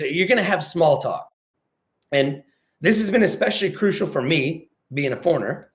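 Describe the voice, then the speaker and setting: American male motivational speaker, slightly high voice, lively sales pitch over a video call. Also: a little fast. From United States. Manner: animated, acts out phone calls in quoted voices.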